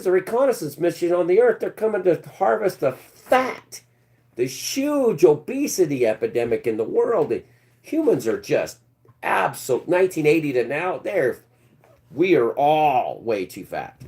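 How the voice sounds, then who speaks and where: A man's voice: on the high side, very animated, moderate pace, darkish tone. Man ranting crudely on a live stream. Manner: rambling, crude and sarcastic.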